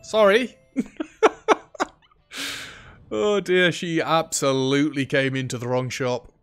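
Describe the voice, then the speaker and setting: A man's voice: on the high side, lively intonation, moderate pace, a bit bright, clean tone, soft background music. A man chatting and joking through a shop management game, talking to the customers on screen. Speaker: gaming YouTuber. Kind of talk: let's play commentary.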